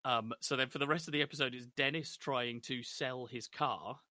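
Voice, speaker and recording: A man co-hosting a casual podcast, animated as he recaps a TV episode and acts out lines. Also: medium pitch, moderate pace, dry recording, studio quality. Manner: animated, acts out characters' lines when retelling. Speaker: podcast co-host.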